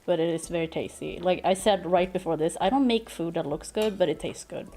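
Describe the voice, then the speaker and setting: A woman streamer chatting casually at her home desk into a desk microphone, excitable, gushing thanks, laughing and swearing. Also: lowish voice, brisk, a little hiss or hum. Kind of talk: casual live-stream chat.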